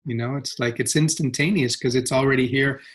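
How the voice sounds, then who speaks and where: A man explaining spiritual ideas as an interview guest, reflective and animated, often laughing. His voice is husky and sits at a middle pitch. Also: brisk.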